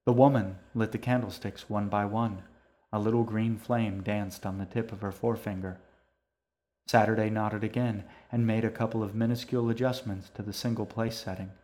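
A man narrating a story for an audiobook in a calm, measured way. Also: lowish voice.

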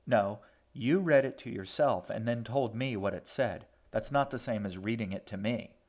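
A man's voice: on the low side, moderate pace, a little mellow. A man voicing a blunt, impatient young girl in audiobook narration. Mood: bossy. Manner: impatient, demanding.

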